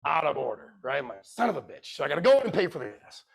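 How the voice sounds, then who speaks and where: A middle-aged man tells a story to a conference audience and acts out the other people's lines as he goes. His voice sits high for a man and jumps around a lot. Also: very fast, creaky. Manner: animated storyteller acting out dialogue. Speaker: keynote speaker. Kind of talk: storytelling sales talk. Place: conference room.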